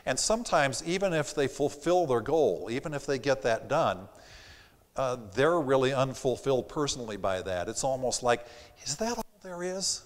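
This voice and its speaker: A man in the middle of his range teaches a sales seminar from a theater stage, with a slight Southern accent. He is animated and slips into quick impressions of the people he describes. His voice rings out with the long reverb of the hall. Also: medium pitch. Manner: animated, acts out quoted customers. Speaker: sales trainer. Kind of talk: live seminar presentation.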